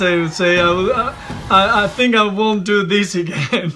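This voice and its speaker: A man's voice: high-pitched, unhurried, bright, forceful tone, faint music behind. A man speaking as a competition judge, hesitant and laughing as he talks. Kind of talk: announcement speech.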